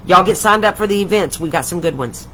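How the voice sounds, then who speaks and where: A woman's voice: fairly low pitch, animated, fast, a bit bright, a little hiss or hum, low-quality recording. An older woman, hosting a casual craft livestream from home, chatty and rambling, gushing with affection. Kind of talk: casual live craft chat.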